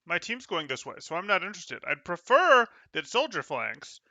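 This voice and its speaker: A man's voice: sits high, very animated, moderate pace, bright, forceful tone, no echo, dull audio. A young man coaching over a gameplay review, critiquing in an exasperated, incredulous way. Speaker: game coach.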